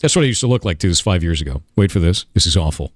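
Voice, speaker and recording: Quick, dry-sounding man in his thirties. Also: low-pitched, lively intonation, no echo. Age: 30s. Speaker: video creator telling his story. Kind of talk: personal storytelling to camera.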